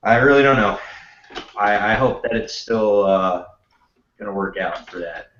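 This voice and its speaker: A man's voice: lowish voice, a little slow, a bit bright, a little hiss or hum. Man on a voice chat, stuffy-nosed and sick, rambles with casual swearing; room echo. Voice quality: nasal, blocked nose. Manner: rambling, self-deprecating, swears freely. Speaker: panelist. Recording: roomy, dull lo-fi voice chat.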